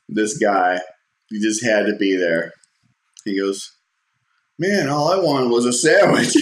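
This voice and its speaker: Man, deep voice, loose anecdotal storyteller, pops up for quoted lines; roomy echo. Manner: rambling, many fillers and restarts; acts out quotes in a raised voice. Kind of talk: casual personal storytelling.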